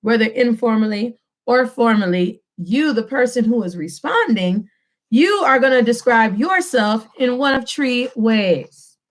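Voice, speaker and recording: A woman teaching a Spanish lesson from home, drilling phrases slowly for the listener to repeat and mixing English and Spanish mid-sentence. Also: on the high side, expressive. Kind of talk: home-recorded language lesson.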